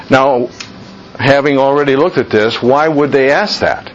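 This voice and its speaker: A man teaching a Bible class as a pastor, speaking with slow emphasis and putting questions to the group. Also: mid-range voice, crowd noise. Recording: muffled church recording with faint hiss.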